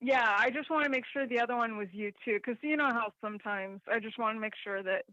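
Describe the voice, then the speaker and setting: A woman's voice: on the high side, fast, bright, forceful tone, dry recording. Hesitant woman caller on a dull line. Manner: hesitant, stammering, laughs easily. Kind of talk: phoned-in radio chat.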